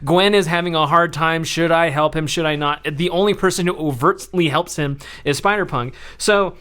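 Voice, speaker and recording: A man hosting a podcast, ranting in an animated way about a film in casual, profanity-laced talk. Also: on the high side, moderate pace, clean tone. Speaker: podcast host.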